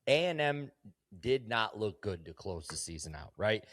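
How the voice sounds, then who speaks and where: A man's voice: on the low side, sing-song, moderate pace, a bit bright, no room sound, clean studio sound. A man co-hosting a casual sports betting talk show, speaking bluntly and emphatically with plenty of swearing. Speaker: co-host.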